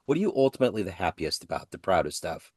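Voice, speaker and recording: A man's voice: sits low, big pitch swings, very fast, darkish tone, dry recording, clean studio sound. A man hosting an interview who asks long, playful questions in a casual way. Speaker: interview host.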